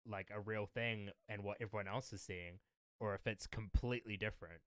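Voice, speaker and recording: A young man in casual chat, calmly recounting a memory. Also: lowish voice, fairly quick, dry recording.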